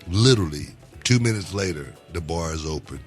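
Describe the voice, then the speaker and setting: A man's voice: deep voice, lively intonation, fairly quick, over loud music. A man telling a bar story in a laid-back, drawling way. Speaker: wrestler guest. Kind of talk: casual anecdote telling.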